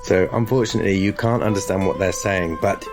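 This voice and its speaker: A man running a tabletop horror game as game master, narrating in a measured, descriptive way. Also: deep voice. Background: music.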